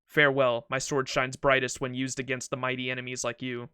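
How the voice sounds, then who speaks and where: A proud knight swordsman speaks formally and solemnly, as a man reads his game lines aloud. The tone is forceful and smooth, with dry, close sound. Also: mid-range voice, monotone, a little fast, no echo, lightly acted.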